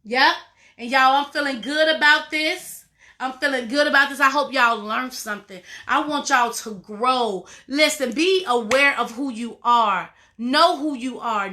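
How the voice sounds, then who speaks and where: Emphatic high bright-voiced woman coach. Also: a little slow. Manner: emphatic, repeats phrases, informal; addresses listeners as y'all and baby. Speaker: life coach. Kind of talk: motivational talk to viewers.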